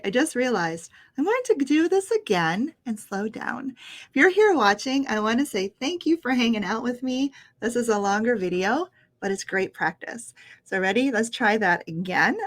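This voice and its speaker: A woman's voice: on the high side, lively intonation, moderate pace. A woman with an American accent teaching English pronunciation, patient and encouraging, often laughing lightly as she explains. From United States. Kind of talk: pronunciation lesson.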